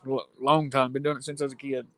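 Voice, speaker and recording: An American man calling into a livestream, talking in a plainspoken, rough and folksy way. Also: medium pitch, flat delivery, fast talker, a bit bright, no echo. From United States. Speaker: guest caller. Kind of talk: casual livestream chat.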